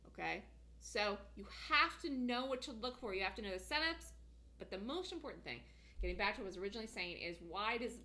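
Excited, lively woman teaching trading. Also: fairly high pitch. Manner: excited, emphatic, repeats herself. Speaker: trading instructor. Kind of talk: screen-share trading lesson.

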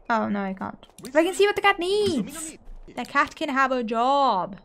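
A young adult woman giving let's play commentary, excitable and quick to gasp and squeal at what happens in the game. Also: sits high. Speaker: gaming YouTuber.

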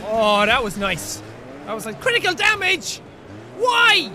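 A young man giving loud, excitable gameplay commentary with frequent shouting outbursts. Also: sits high, moderate pace, some chatter behind. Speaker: gaming video host. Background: game music.

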